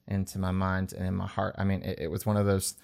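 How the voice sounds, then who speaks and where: A man telling his personal faith story in an earnest, halting way, with many restarts. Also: low-pitched, completely flat delivery, creaky, darkish tone. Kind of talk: personal testimony in conversation. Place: indoors at a table.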